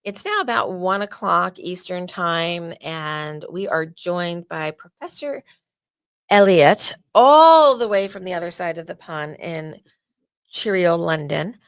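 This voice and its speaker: A chatty New Jersey woman hosting a podcast, her lowish voice carrying a gravelly fry. She jokes and wanders into asides, and the sound is close and dry. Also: animated, a little slow, dry recording. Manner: chatty, joking, loose asides. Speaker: podcast host. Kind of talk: casual podcast interview.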